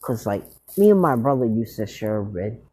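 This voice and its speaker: A man's voice: on the low side, very animated, normal speed, warm tone, breathy edge. A man casually retelling a fan-made story, rambling with many fillers and restarts.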